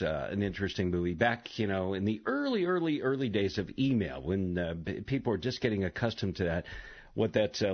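Brief: husky male talk radio host, animated pitch, chatty with lots of ums, dull lo-fi broadcast sound. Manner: chatty, halting with many fillers. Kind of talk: live call-in radio talk.

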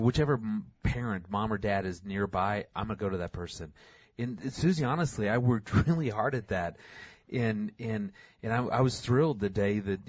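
A middle-aged man talking casually about fatherhood, animated, acting out quoted lines in a raised voice. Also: lowish voice, no room sound, highs cut off. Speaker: podcast co-host, father. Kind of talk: casual conversational storytelling.

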